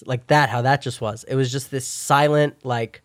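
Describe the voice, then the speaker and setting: A man's voice: mid-range voice, fairly even intonation, normal speed, smooth, no echo, studio quality. Young man swearing through a rambling story. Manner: profane, rambling storytelling with loud acted-out shouts. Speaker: guest telling a story. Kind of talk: casual chat.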